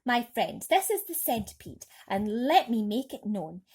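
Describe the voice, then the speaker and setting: A woman voicing a cheerful, polite small boy in a storybook, speaking brightly and eagerly. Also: fairly high pitch, very animated, a little slow, breathy edge, voice pushed up, exaggerated voice.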